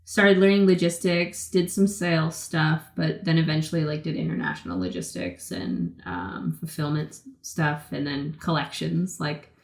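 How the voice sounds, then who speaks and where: Woman, twenties, from Boston, casual interview guest, storytelling, low-pitched, reverberant room. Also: normal speed, vocal fry, few pauses. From Boston area, US. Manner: chatty, many "like" fillers, acts out quotes. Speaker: guest, pro skateboarder.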